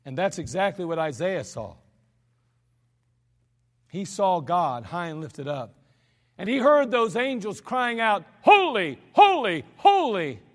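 A man's voice: high-pitched, sing-song, takes it slowly, pauses often. A man preaching an earnest, conversational sermon with humorous asides in a church service. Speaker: pastor. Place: church sanctuary. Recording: archived church service with long hall reverb.

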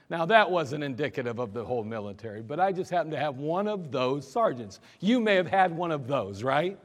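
A man's voice: fairly high pitch, lively intonation, fairly quick, hardly any pauses. A man preaching a sermon in a casual, storytelling way, often putting questions to his congregation. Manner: conversational, asks the congregation questions. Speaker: pastor. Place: church sanctuary.

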